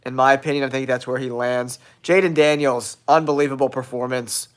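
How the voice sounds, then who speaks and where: A man hosting a football talk show, sounding nasal from a cold, giving blunt, excitable hot takes to his viewers. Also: mid-range voice, a little fast, clean tone. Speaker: sports show host.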